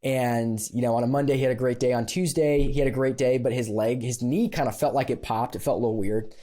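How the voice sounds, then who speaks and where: A man guest on a podcast, telling a personal story in a casual, animated way with frequent laughs and fillers. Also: mid-range voice, fast.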